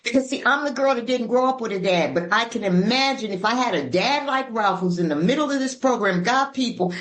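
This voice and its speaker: A woman from Georgia, co-hosting a recovery podcast, shares her story in a folksy, emphatic and animated way. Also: a little high, moderate pace, reverberant, low-quality recording. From Georgia, USA. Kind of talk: heartfelt conversational sharing.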